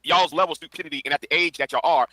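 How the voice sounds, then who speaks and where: Bright, sharp-voiced lecturing man. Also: fairly high pitch, no room sound, rough recording. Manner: preachy, lecturing, halting restarts. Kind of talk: lecturing video commentary.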